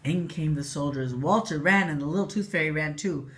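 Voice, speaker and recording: A woman reading a storybook aloud to a child in an expressive, lively way. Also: deep voice, brisk.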